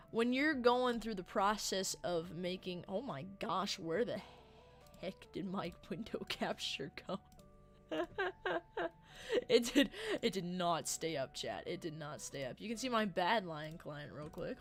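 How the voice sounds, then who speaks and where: A woman livestreamer chatting casually with her viewers late at night, rambling and easily distracted, with sudden loud bursts of excitement. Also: mid-range voice. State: tired from the late hour.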